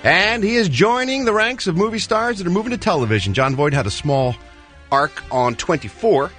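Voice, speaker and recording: A man's voice: high-pitched, expressive, moderate pace, fairly bright tone. A man doing the entertainment news on a morning show, sarcastic and mock-exasperated, with faint music behind him. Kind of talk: comic showbiz news segment.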